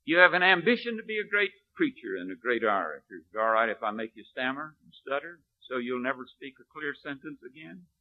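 A male preacher delivers a storytelling sermon with a lively, rising-and-falling pitch, often sinking to a hushed, low delivery. The sound is narrow and tinny, like a phone line. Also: fairly quick, hardly any pauses.

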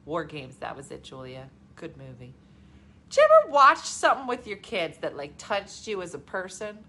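A woman in her forties chatting casually as co-host, animated and acting out her own reactions. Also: lowish voice, normal speed. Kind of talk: casual chat.

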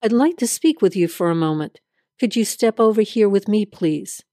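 A calm, official male police officer delivers facts plainly in an audio drama, as a woman reads him. The voice stays mid-pitched with a dry, close sound. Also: moderate pace, no room sound, natural voice. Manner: calm, matter-of-fact.

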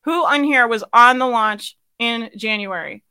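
A woman's voice: a little high, a little slow, bright, forceful tone, smooth, no room sound. A woman business coach giving a live sales training, blunt and swearing casually, asking her audience questions and laughing often.

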